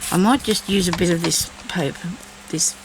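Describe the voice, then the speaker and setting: A woman's voice: fairly low pitch, moderate pace, noisy background. A woman chatting casually while she crafts, thinking aloud and talking to herself as she works. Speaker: crafting vlogger.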